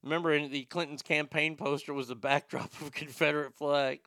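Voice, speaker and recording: A man hosting his own show, ranting about politics with sarcasm and frequent swearing. His voice sits fairly high, with a gravelly rasp and a bright, sharp edge. The sound is dry and close. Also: steady tone, brisk, no room sound. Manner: profane, sarcastic, boastful. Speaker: show host.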